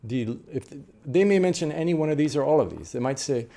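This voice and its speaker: A middle-aged man from the United States, an interpreter trainer, delivers a note-taking lecture and walks listeners through examples step by step, full of fillers and mid-sentence restarts. His voice is gravelly, mellow and darker in tone, yet a little high, and he speaks animatedly at a fairly quick pace.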